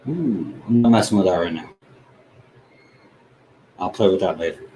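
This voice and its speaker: A man hosting a livestream, chatting casually and haltingly as he thinks aloud with frequent fillers. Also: low voice, animated, warm tone, a little hiss or hum, low-quality recording. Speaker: livestream host. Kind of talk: casual stream setup chat.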